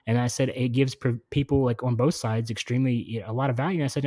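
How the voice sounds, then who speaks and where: A man's voice: mid-range voice, fast talker, few pauses, no echo. A man in his twenties, a podcast host, telling a story in casual chat and acting out what he and others said, with lots of fillers. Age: 20s. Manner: animated storytelling, acts out quoted exchanges, many fillers.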